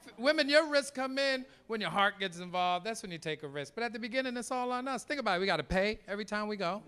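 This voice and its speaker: A man performing a loud, animated, profane stand-up comedy routine on a comedy club stage. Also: high-pitched, fast talker. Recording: live club audio with crowd laughter.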